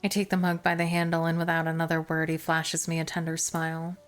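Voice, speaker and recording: A woman's voice: sits low, fast talker. Woman streamer reading a visual novel aloud. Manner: expressive, self-deprecating asides between narration.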